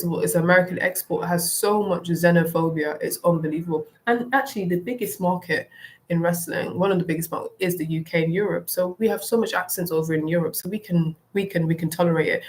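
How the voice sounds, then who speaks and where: A young woman ranting bluntly and with animation, delivering solo wrestling commentary. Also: on the low side. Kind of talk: opinionated solo rant.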